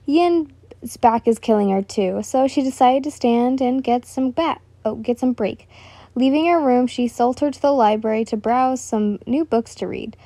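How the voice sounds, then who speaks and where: Brief: woman reading fan fiction aloud, casual, mellow voice, dry close sound. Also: fairly high pitch, unhurried, dry recording. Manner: casual, corrects her own slips aloud.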